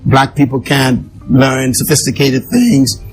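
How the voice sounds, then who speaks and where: An earnest man recounts his own life story in an interview, a mid-pitched voice that he presses for emphasis. He often repeats key words and phrases to drive each point home. Faint music plays softly underneath. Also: expressive, measured pace, low-quality recording. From an island nation.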